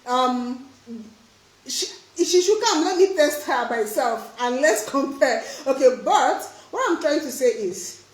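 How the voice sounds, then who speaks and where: A woman's voice: high-pitched, expressive, slow. A woman eye doctor answering questions in a live stream, earnest and emphatic, often breaking into laughter. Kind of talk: live stream Q&A, casual advice. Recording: roomy echo.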